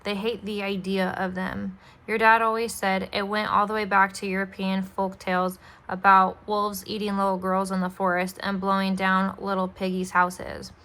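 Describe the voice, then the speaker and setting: A woman voicing a calm, caring mother, with gentle, steady delivery. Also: medium pitch, normal speed.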